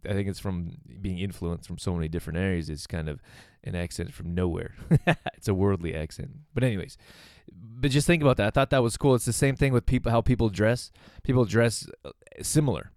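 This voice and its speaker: A man with a lowish, smooth, resonant voice and a mixed North American accent talks through a solo wellness podcast. He rambles easily and chuckles between thoughts. The sound is dry and close. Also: a little fast, darkish tone, dry recording. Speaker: podcast host and fitness coach. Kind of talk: casual solo podcast talk. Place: lives in Canada.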